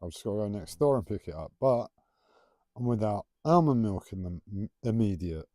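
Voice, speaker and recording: A man talks on a solo livestream from home, drifting from one tangent to the next in a self-confessed waffle. His voice sits low and mellow, and he stumbles over his T's. The sound is dry and close, with no room echo. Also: lively intonation, normal speed. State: struggling to pronounce his T's. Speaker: livestream host. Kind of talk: rambling solo livestream talk.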